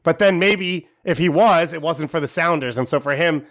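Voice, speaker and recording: A man co-hosting a soccer podcast, giving measured, analytical opinions. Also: on the high side, fairly bright tone. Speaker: podcast co-host.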